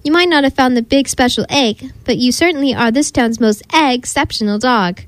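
A woman's voice: high voice, normal speed, no echo, natural voice. A woman voicing a friendly male town mayor who speaks formally, as if announcing to a crowd.

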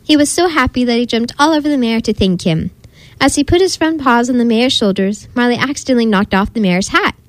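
A woman narrating a children's storybook in a lively, expressive read-aloud manner. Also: a little high, fairly quick, dry recording.

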